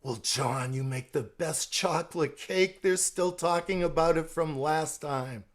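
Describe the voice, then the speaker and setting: Brief: pushy, flattering church lady, high voice, played by a man in a talk. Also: unhurried, natural voice. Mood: coaxing. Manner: wheedling, persistent. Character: pushy, coaxing churchwoman asking for baking.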